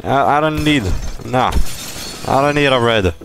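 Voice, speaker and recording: A man's voice: medium pitch, lively intonation, unhurried, slight background noise. A man streaming live gameplay, talking playfully and boastfully to his chat and teammates. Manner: playful, boastful, bursts into laughs and shouts.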